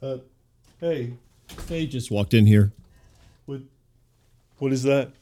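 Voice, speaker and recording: Man, comedy radio host, deadpan, placating, mid-range voice. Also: medium pitch, slow pace.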